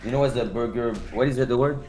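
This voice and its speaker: Excitable man on a call. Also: mid-range voice, fast talker, faint music behind. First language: French. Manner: excitable, teasing, swears often. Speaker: guest streamer on a call. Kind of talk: casual stream chat.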